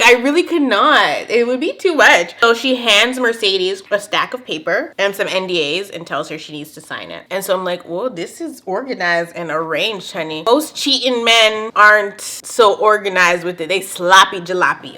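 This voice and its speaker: Sassy, bright-voiced woman recapping TV. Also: mid-range voice. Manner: sassy, animated, laughs often. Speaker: recap show host. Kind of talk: casual TV recap chat.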